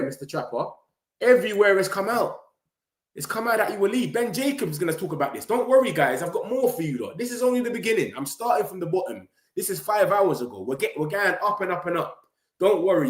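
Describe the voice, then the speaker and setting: A young man, chatting casually and excitedly to his viewers in street slang, running his words together. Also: fairly high pitch. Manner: excitable, slangy, rapid run-on talk. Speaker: football vlogger streaming to viewers. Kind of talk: casual live-stream chat. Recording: roomy echo.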